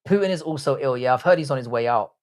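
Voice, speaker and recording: A young man hosts a live stream, reading viewer comments and bantering crudely with plenty of profanity. His medium-pitched voice is animated and fast.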